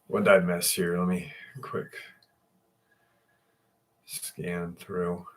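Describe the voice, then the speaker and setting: Slow, rambling man hosting a livestream. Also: sits low, little pitch movement. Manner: rambling, many fillers and restarts. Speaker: livestream host. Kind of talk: casual livestream chat.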